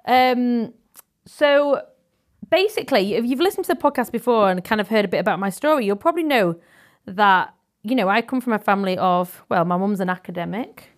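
A woman hosting a podcast from her living room, chatty and quick to laugh. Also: a little high, expressive. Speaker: podcast host. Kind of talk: casual chat.

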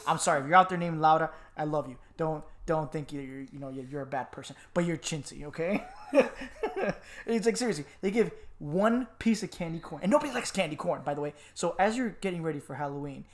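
A man co-hosting a casual chat podcast, telling stories with animated voices for the people in them. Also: brisk. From Miami. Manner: animated storyteller, acts out voices with big pitch jumps. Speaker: podcast co-host.

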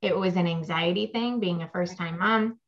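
A young mother appears as a guest in a casual chat, speaking on the low side at a moderate pace. She rambles about her babies with plenty of fillers, and the lo-fi audio is slightly dull.

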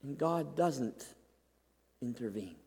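A man preaching a sermon, swinging from loud, pleading peaks to hushed, near-whispered drops, often checking in with "right?". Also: mid-range voice, lively intonation, takes it slowly, creaky, breathy edge. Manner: emphatic, dramatic rises and hushed drops, repeats "right?". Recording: long hall reverb.

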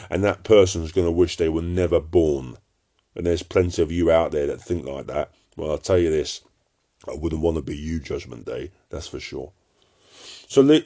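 A man preaches informally to his viewers, blunt and scolding. He swings between loud warnings and low, intense tones.

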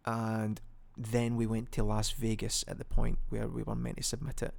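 A young Scottish man hosts a casual solo podcast, wandering through his thoughts with ums and restarts. His fairly low voice is completely flat, gravelly and darkish, at a moderate pace.

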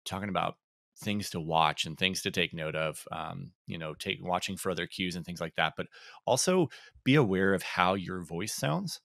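A man co-hosting a podcast in casual chat, relaxed and reflective, with frequent ums and laughs. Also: sits low, normal speed, creaky, no room sound, studio quality. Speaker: podcast co-host.

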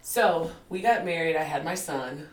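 A woman's voice: low voice, moderate pace. A woman in her forties telling her life story in a candid interview, laughing often and acting out what people said. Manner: animated storyteller, laughs often, acts out quotes. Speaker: guest. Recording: roomy, distant mic with faint ambience.

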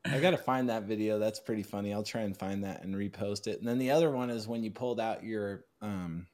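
A man's voice: on the low side, brisk, a little mellow. A man hosting a casual podcast chat, easygoing and friendly as he recalls shared moments. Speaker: podcast host.

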